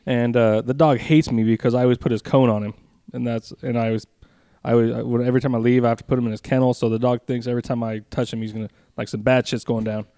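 A man's voice: medium pitch, little pitch movement, fast, dark tone, dry recording, clean studio sound. Rambling, laughing man telling stories. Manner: rambling, laughing, swears freely. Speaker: podcast co-host. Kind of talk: casual storytelling chat.

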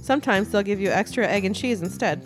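A woman talks quickly in relaxed podcast chat, making dry, matter-of-fact comments. Her pitch is ordinary, and faint music plays underneath. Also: rough recording. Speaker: podcast co-host. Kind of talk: casual chat.

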